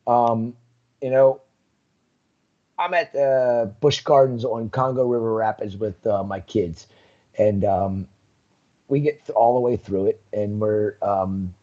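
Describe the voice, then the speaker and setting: A man's voice: lowish voice, slow pace, mellow, dull audio. A man, a guest on a live talk show, casually telling rambling stories with lots of fillers and laughter. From United States. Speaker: guest, coral farm owner. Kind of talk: casual chat, storytelling.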